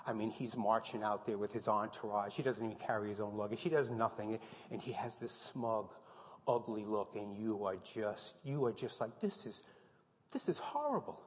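A pastor giving a sermon, telling a story with lively, halting restarts. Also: male voice, fairly low pitch. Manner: animated storytelling with many restarts. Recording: long hall reverb.

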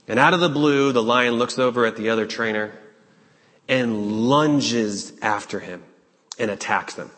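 A man preaching a sermon, urgent and questioning, with dramatic pauses. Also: medium pitch, fairly bright tone. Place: church sanctuary. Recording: long hall reverb.

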